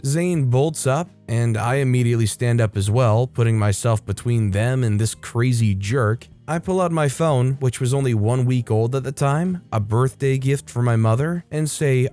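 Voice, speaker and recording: A man at a middle pitch tells a reddit story in a steady, scripted read. His delivery stays even from line to line. A faint music bed plays under the voice. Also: moderate pace, hardly any pauses. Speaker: story narrator.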